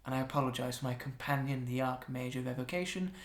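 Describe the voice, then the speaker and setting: Man doing a hushed, apologetic archmage lady. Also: mid-range voice, fast, lightly acted. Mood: polite, hesitant. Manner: hushed, hesitant, overly polite. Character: soft-spoken apologetic female archmage. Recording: echoey room.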